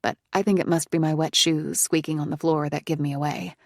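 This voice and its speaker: A woman narrating a psychological thriller audiobook in the first person, in a tense, hushed manner. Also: deep voice, little pitch movement, a little fast, gravelly, no echo, studio quality.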